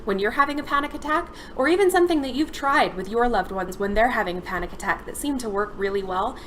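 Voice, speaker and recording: A young adult woman therapist speaks to her viewers in a calm, steady, instructional manner. Her voice sits a little on the higher side, and she lays out each step evenly and clearly. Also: fast talker, slight background noise. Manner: calm, steady explanatory delivery. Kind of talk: instructional talk to camera.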